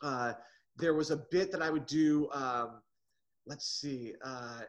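A middle-aged man from the United States, a comedy writer and interview guest, who tells stories in an animated way with frequent restarts. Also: a little high, slow. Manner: animated storyteller, restarts often. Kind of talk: casual interview.

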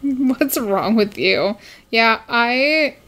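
Slow, lively woman podcast co-host. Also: on the high side, a little hiss or hum. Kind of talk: casual chat.

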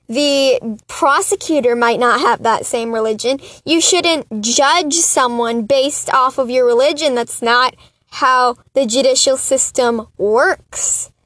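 A woman's voice: high-pitched, slow pace, a bit bright, dry recording. A woman hosting her own solo political commentary podcast, talking in an impassioned, exasperated rant with chatty, self-mocking asides. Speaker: podcast host.

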